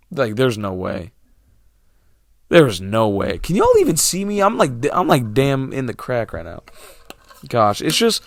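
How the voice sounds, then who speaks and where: A young male movie vlogger rants casually to his viewers about films and theaters, sarcastic and exasperated, sinking into mumbles before flaring up again. His voice is mid-range with no echo.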